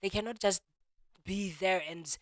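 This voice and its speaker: A man's voice: high voice, steady tone, a little slow, dry recording, studio quality. A young man putting on the voice of a young female friend who dismissively defends herself. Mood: defensive.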